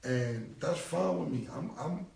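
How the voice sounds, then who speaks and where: A man's voice: on the high side, lively intonation, measured pace, creaky, far from the mic, a crowd in the background. A man in his forties ranting casually on a phone livestream, emphatic and profane, repeating his points. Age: 40s. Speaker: rapper responding on a livestream. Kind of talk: casual rambling livestream rant. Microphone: phone held away. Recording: roomy echo, voice away from the phone mic.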